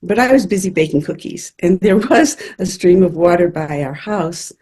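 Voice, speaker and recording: A woman's voice: fairly low pitch, animated, moderate pace, warm tone, slightly rough. A woman who works as a spiritual medium, earnestly telling personal stories in a chatty interview. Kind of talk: interview storytelling.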